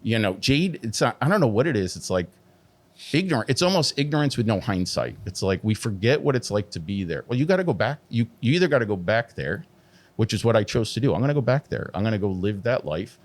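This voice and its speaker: A middle-aged man, a tattoo artist guest, telling his story candidly and animatedly, full of swearing and "like" fillers. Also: fast talker. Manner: heavy swearing, constant "like" fillers; animated, pitch jumps when emphatic.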